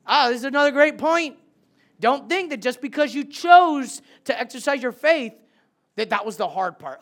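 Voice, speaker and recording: Animated male pastor preaching. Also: very high-pitched, a little slow. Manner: animated, swings from loud to hushed. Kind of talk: sermon.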